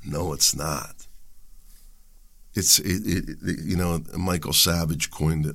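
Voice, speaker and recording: A man's voice: low voice, steady tone, a little slow, creaky, bright, forceful tone, slightly rough. A man hosting a talk show, delivering a rambling, sarcastic, opinionated monologue. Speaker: host.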